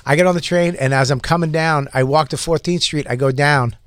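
A man in casual chat, telling a story with excitement, acting out shouted exchanges and laughing often. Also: fairly high pitch, a little fast, no room sound. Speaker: podcast guest storyteller.

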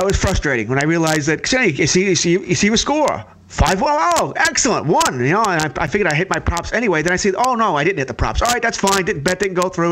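A man's voice: a little high, slight background noise. A man working as a sports betting analyst, telling a story casually with plenty of fillers. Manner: animated storytelling, frequent "uh" fillers.

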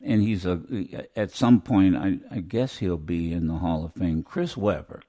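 Radio host, male, low mellow voice, rambling casual on-air chat. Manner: rambling, halting with many restarts.

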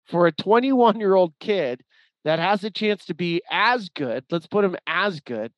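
A man co-hosting a sports podcast, telling animated stories and acting out the quoted exchanges. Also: high voice, a little slow, no room sound. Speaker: podcast co-host. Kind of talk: casual sports chat. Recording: dry, slightly muffled audio.

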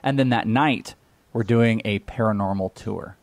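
A man's voice: on the low side, measured pace, no echo. Rambling chatty man, dry close mic. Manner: rambling, laughs often, trails off and restarts. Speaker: podcast co-host. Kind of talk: casual chat.

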